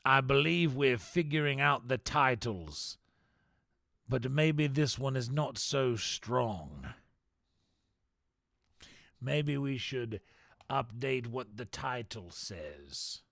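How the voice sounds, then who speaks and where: Slow gravelly man in a mock-formal put-on accent. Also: medium pitch, animated, fairly bright tone, no room sound, studio quality. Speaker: game streamer. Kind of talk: live stream chat to viewers.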